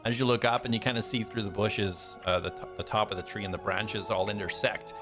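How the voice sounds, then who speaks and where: A man's voice: on the low side, steady tone, fairly quick, over music. A man narrating a tabletop game as game master, describing scenes loosely with many fillers.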